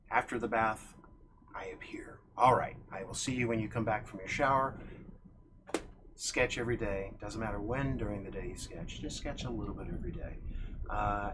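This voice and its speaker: A man's voice: medium pitch, noisy background. A man livestreaming while he draws, chatting in a rambling, self-deprecating way. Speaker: livestreaming digital artist. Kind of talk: casual chat while drawing.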